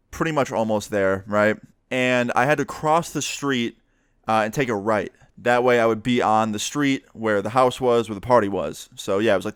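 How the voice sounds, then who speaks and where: A young man from the New York area tells a personal story in a chatty, profane, animated way. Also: medium pitch, smooth, dry recording, studio quality. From New York area, USA. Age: young adult. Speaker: vlogger. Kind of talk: casual storytime monologue.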